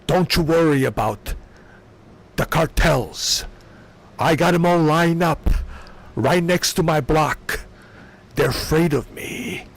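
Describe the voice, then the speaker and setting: A man doing a slow gravelly boastful tough guy. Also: fairly high pitch, heavily acted. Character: boastful tough-guy ex-wrestler politician impression, older man. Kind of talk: comedic impression while gaming.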